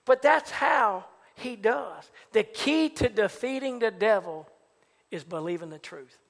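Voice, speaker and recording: High-voiced preacher shouting repeated lines. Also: male voice, expressive, unhurried, gravelly, in a large hall. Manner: rising to shouted, chanted preaching with repeated phrases. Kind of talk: sermon. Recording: live church service with congregation.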